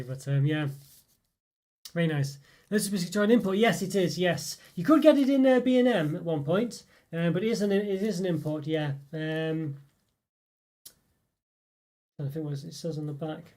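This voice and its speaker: A man's voice: on the high side, darkish tone. A man hosting a live stream, chatting in a rambling way and reading out viewer comments with lots of fillers and chuckles. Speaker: live stream host reviewing chocolate.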